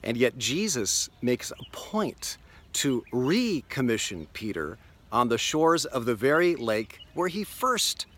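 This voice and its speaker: A man's voice: medium pitch, sing-song, a bit bright. Male pastor, earnest devotional storyteller, recorded outdoors on a lakeshore. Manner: earnest, storytelling, slows for emphasis. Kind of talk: daily video devotional.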